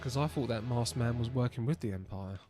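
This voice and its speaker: An English man streaming a game, making quiet, self-deprecating asides as he plays. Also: mid-range voice, fairly quick, faint music behind. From England. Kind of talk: game commentary.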